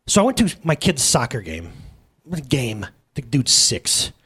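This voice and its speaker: With a mid-range, slightly rough voice at a moderate pace, a thirty-something pastor gives a relaxed, humorous sermon during a church service. His storytelling is lively and jokey, peppered with remarks to the congregation.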